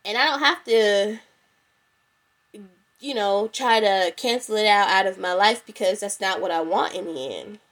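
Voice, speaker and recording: A young woman talks through her solo podcast in a loose, chatty way, calling her listeners "y'all." Her voice sounds congested and a bit stuffy. Her pitch sits in the middle range. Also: measured pace, a bit bright. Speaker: podcast host. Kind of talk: casual solo podcast talk. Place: at home.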